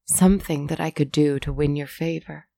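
A desperate, lovesick young prince from a storybook pleads in hushed, earnest tones, as a woman narrator puts him on. The voice is low, gravelly and dark, heard close in a dry space. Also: steady tone, normal speed, dry recording. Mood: pleading.

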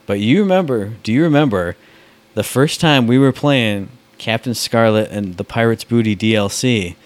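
A man co-hosts a podcast, telling stories in a casual, animated chat and laughing often. His voice is mid-range and his pace moderate. There's no room sound in the recording.

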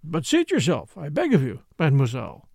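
A man voicing a suave, scheming middle-aged French count who speaks smoothly and dryly. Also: fairly high pitch, huge pitch swings, a little fast, a little mellow, no room sound, clean studio sound, full character voice. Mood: smooth, calculating.

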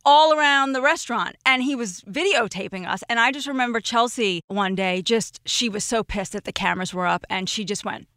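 A woman's voice: fairly high pitch, brisk, hardly any pauses, fairly bright tone, dry recording, studio quality. A woman in her forties, a podcast guest telling stories in casual chat, emotional and laughing often.

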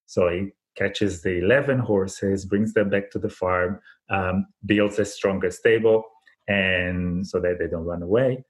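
Deep-voiced man telling a parable. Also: fairly even intonation, unhurried. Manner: thoughtful, many restarts and fillers. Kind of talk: reflective conversational storytelling.

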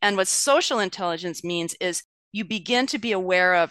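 A middle-aged woman talking as an author and guest in an interview, chatty and animated, laughing often as she talks. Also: lowish voice, moderate pace, no room sound. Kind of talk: conversational interview.

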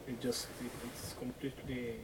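A man's voice: mid-range voice, flat delivery. A man from the audience sharing a personal experience with his teacher. He talks hesitantly and keeps stopping and restarting. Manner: hesitant, full of restarts, halting. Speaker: questioner from the audience. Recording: distant mic with noticeable background noise.

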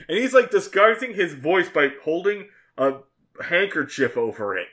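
A man's voice: on the high side, big pitch swings, normal speed, sharp tone. A man co-hosting a casual podcast, recapping a story in an easygoing, profane way. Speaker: podcast co-host. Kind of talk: casual comedic recap chat.

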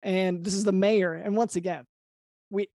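Improviser as party planner, halting delivery, mid pitch, dry recording. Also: steady tone, warm tone, no room sound. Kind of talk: improvised comedy brainstorming.

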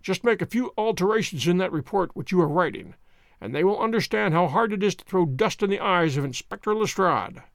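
A man's voice: high voice, expressive, brisk, gravelly, no echo, clean studio sound. A man reading a story aloud, voicing a poised, theatrical detective who speaks with precise courtesy. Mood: assured. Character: poised, theatrical male detective, fond of pomp. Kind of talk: audiobook character voice.

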